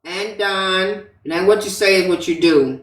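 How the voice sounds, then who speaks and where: A woman's voice: mid-range voice, measured pace, a little hiss or hum. Woman guest, heated and profane, roomy distant phone sound. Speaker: guest in a live audio chat room. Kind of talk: casual live-stream chat.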